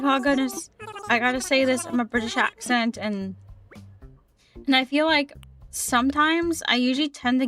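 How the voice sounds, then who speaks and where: A woman's voice: on the high side, a bit bright. A woman gaming streamer chatting casually with her livestream, reading chat aloud and often repeating herself.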